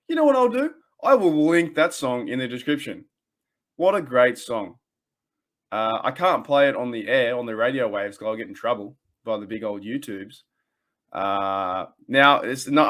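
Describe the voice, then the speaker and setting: A man's voice: medium pitch, fairly bright tone. A man with an Australian accent hosting a casual podcast, rambling and joking with lots of fillers and restarts. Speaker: podcast host.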